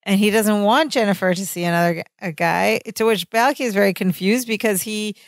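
A woman's voice: mid-range voice, brisk, dry recording, clean studio sound. A woman co-hosting a podcast, recapping a sitcom episode in casual chat and acting out the quoted lines. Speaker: podcast co-host.

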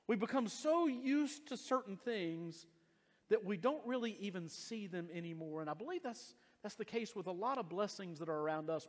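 An earnest male pastor preaching in a high, light voice that often restarts phrases and stretches key words. His voice rings with the long reverb of a church hall. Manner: earnest, repeats and restarts phrases, slows for emphasis. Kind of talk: sermon. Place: church sanctuary.

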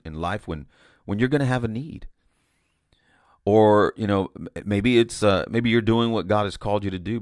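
A man's voice: deep voice, no echo, clean studio sound. A man preaching an informal sermon, telling of a vision in a conversational way with frequent restarts and "you know". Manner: conversational, repeats words and restarts, says "you know" often.

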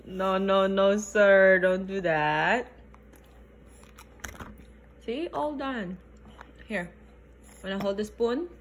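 A woman's voice: mid-range voice, drawn-out words, long pauses, a little hiss or hum. A young mother talking to her baby at home over lunch, in sing-song baby talk with frequent laughter. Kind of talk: baby talk while feeding.

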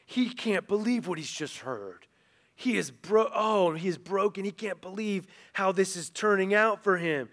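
A man preaching a sermon, retelling a story in a lively, animated way and acting out the characters' lines. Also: sits high, measured pace. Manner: animated, acts out quoted characters. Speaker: pastor.

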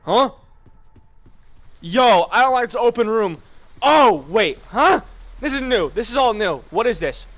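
A man hosting a horror game let's-play, commentating as he goes, yelping and shouting at scares and muttering to himself in between. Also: very high-pitched, lively intonation, measured pace, long pauses. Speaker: gaming channel host.

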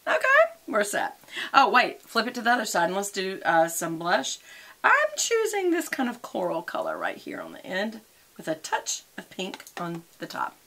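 A woman's voice: medium pitch, wildly swooping pitch, normal speed, sharp tone. A middle-aged woman, chatting casually and rambling in a makeup and lifestyle vlog. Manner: chatty, rambling, talks while applying makeup and eating. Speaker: beauty and lifestyle vlogger.

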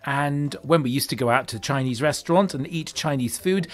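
A man's voice: medium pitch, moderate pace. A man co-hosting a radio chat, playful and wry. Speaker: radio co-host. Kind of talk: casual chat.

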